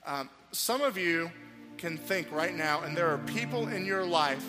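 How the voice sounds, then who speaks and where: A man's voice: a little high, measured pace. A middle-aged man preaching a sermon as pastor, telling stories and acting out quoted voices. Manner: animated storytelling, acts out quoted voices. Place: church sanctuary. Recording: long hall reverb with faint music.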